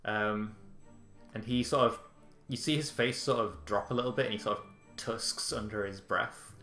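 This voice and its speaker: A man narrating as game master in a relaxed way with many fillers. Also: fairly low pitch, moderate pace, faint music behind. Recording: echoey room.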